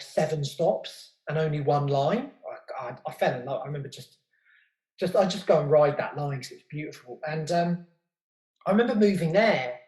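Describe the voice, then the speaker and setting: A man's voice: sits high, darkish tone. A middle-aged British man talking candidly in an interview, rambling, swearing freely and stumbling over repeated words as he thinks. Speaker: podcast guest and podcast host. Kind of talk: candid casual interview chat. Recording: roomy echo.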